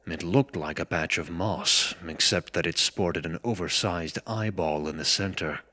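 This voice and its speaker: A man narrating a scripted story in a measured, even way. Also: low-pitched.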